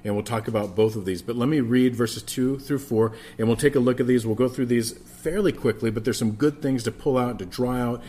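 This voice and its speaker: A man preaching a sermon as pastor, moving between a projected voice and quiet, near-whispered passages. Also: mid-range voice, fairly even intonation, brisk, few pauses.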